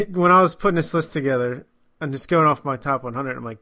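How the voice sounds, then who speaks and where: Relaxed podcast co-host man. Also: medium pitch, brisk. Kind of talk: casual movie chat.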